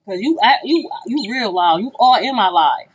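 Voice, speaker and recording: A woman's voice: on the high side, expressive, normal speed, slight background noise, poor audio. A woman giving a live tarot reading outdoors on a street, talking bluntly and profanely and repeating herself often. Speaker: tarot reader. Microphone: phone livestream.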